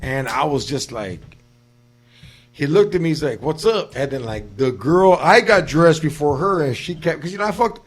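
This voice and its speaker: A man's voice: fairly high pitch, lively intonation, moderate pace. A man telling a crude story in casual chat, rambling and slangy, full of fillers. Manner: slangy, rambling, heavy with fillers like dog and fool.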